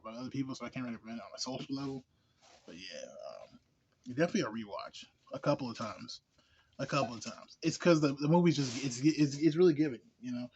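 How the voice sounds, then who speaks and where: A man's voice: mid-range voice, a little hiss or hum. A man giving a casual movie review, laid-back and slangy, rambling with lots of fillers and laughs. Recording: dull lo-fi recording.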